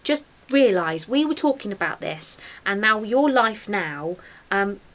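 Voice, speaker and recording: A woman's voice: mid-range voice, expressive, unhurried. Reflective woman giving advice. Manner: encouraging, reflective, gives advice. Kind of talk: casual chat.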